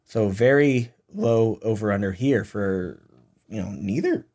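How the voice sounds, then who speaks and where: A man's voice: on the low side, measured pace, a little mellow. Opinionated young man chatting about football bets. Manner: opinionated, ranting, laughs at own jokes. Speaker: podcast host. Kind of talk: casual sports betting chat.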